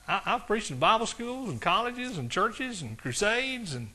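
A man preaches a testimony from the pulpit, sounding folksy one moment and fervent the next. His voice sits on the higher side for a man. Its tone is bright and forceful. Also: very animated, a little slow. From East Texas. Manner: folksy storytelling that builds to fervent exclamations. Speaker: pastor. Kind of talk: sermon testimony. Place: church service.

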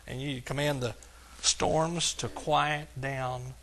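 A man preaching a sermon as pastor, with emphatic lines that swing from soft to hollering. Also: medium pitch, fairly even intonation, slow pace.

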